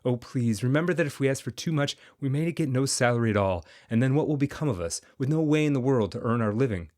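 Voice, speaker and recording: A fretful young woman, pitched well above the reader's natural voice, as a male narrator plays her. She speaks in a pleading, worried manner in a storybook reading. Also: expressive, fast, darkish tone, close to an everyday voice.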